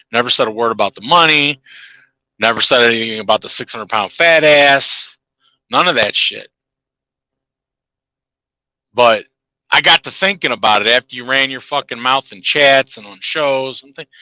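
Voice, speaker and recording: A man's voice: a little high, bright, forceful tone, no room sound, low-quality recording. A man ranting in a heated, profane monologue to his viewers, laughing at his own jabs. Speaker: channel host.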